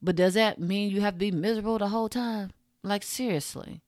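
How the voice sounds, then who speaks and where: A woman's voice: medium pitch, fairly even intonation, brisk, a little mellow, no echo. A woman podcast host, ranting frankly and profanely in a casual monologue into a close mic. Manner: frank, profane, rants with punchy asides.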